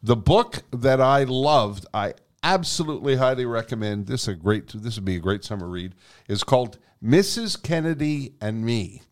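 A man's voice: mid-range voice, lively intonation, moderate pace. A middle-aged man co-hosting a podcast, chatting casually and rambling with lots of fillers. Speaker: podcast co-host. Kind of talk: casual chat.

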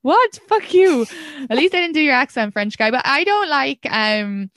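A woman's voice: high-pitched, animated, moderate pace, fairly bright tone, clear, resonant tone, no room sound. A young woman hosting a podcast, chatting casually, swearing freely and laughing often. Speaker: podcast host. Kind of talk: casual chat.

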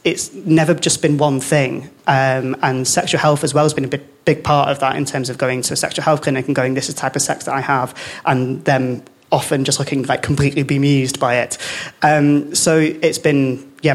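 A man speaking as a guest on a live panel, at an ordinary, mid-height pitch for a man. He talks openly and reflectively, pausing often on ums and likes as he works through his thoughts. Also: flat delivery. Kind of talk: candid live panel chat.

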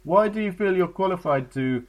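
A man's voice: sits high, lively intonation, moderate pace, a little hiss or hum. A man voicing a male foreign job interviewer who speaks broken, overly polite English. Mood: mock formal.

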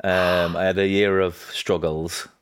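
A man with a Yorkshire accent, a guest in a casual interview, telling animated anecdotes and acting out what people said. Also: unhurried. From England. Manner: animated anecdotes, acting out quotes with raised pitch.

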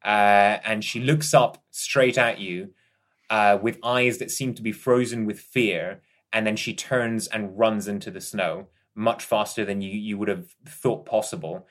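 A man narrating a tabletop horror game as game master, in measured descriptions with frequent pauses. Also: fairly low pitch, fairly even intonation, fairly bright tone.

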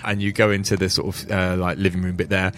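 A man's voice: low-pitched, flat delivery, quick pace, fairly bright tone, slight background noise. A man narrating as game master in a chatty, laughing way.

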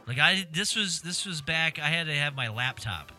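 Chatting casually with a friend over a video game, a man in his thirties tells rambling stories, correcting himself as he goes. His voice is on the high side and sharp, with lively intonation and a moderate pace, and faint music plays behind him.

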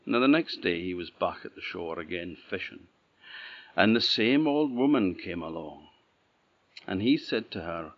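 A man with an Orcadian Scottish accent tells a traditional folk tale in an unhurried, rhythmic flow. His voice sits on the lower side and moves slowly. The recording sounds slightly dull and lo-fi. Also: animated. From Orkney, Scotland. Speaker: storyteller. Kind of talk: oral folk tale telling.

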